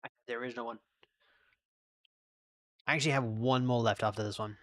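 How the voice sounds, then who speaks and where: A man's voice: medium pitch, fairly even intonation, fast talker, fairly bright tone, dry recording. An Australian man casually rambling and thinking aloud while streaming a video game. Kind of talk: casual gameplay commentary.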